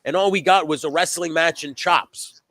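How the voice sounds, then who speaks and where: A man's voice: fairly high pitch, moderate pace, pushed and bright, no echo. A man co-hosting a live podcast, talking casually about wrestling in a rambling, emphatic way, with frequent swearing. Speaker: podcast co-host.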